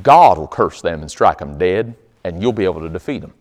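A man's voice: deep voice, expressive, brisk, darkish tone, voice pushed down. A man voicing a greedy, scheming prophet in a sermon story, folksy and wheedling. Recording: long hall reverb.

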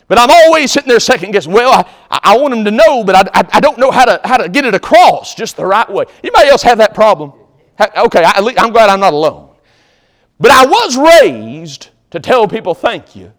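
A man preaching in a church sanctuary with a high, very animated voice that swoops up for scripture. He recites passages in a loud, ringing way, then drops into folksy asides and a gentle altar call. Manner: folksy, conversational asides to the congregation.

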